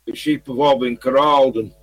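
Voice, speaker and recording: A man from Scotland delivers a filler-heavy, rambling, repetitive monologue to camera for his viewers. His medium-pitched voice stays steady in tone and moves fairly quickly, over poor audio.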